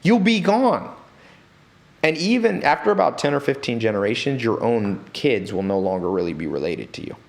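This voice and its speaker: A man talking as an interview guest in a studio, telling stories in an animated way and acting out the people he quotes. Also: fairly low pitch, brisk, gravelly, hardly any pauses. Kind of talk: storytelling interview talk.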